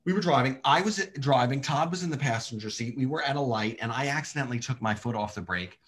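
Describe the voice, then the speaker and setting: A man doing deadpan comedic storytelling. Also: mid-range voice, quick pace.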